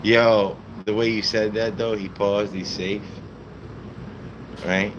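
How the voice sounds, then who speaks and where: Deep-voiced man chatting on a live stream. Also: little pitch movement, slow, lo-fi sound. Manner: loose, profane, talks to chat by name. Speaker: livestreamer. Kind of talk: casual live stream chat. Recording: background noise.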